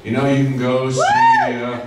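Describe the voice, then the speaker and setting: A man's voice: mid-range voice, huge pitch swings, measured pace, very noisy. Upbeat man hosting in an echoey hall. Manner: enthusiastic, joking, reading bios. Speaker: host introducing speakers. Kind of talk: conference hosting and introductions. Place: conference hall. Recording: echoey hall, distant mic, crowd.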